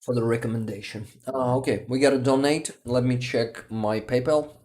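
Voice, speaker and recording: A tired man hosting a casual livestream and reading out viewer comments in a hesitant, halting way, often restarting and chuckling softly. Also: medium pitch, steady tone. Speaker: livestream host.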